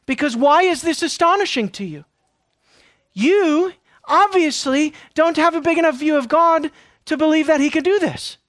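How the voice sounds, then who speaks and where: A man preaching a sermon, moving between hushed lines and emphatic questions. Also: very high-pitched, normal speed, no room sound, studio quality. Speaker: pastor.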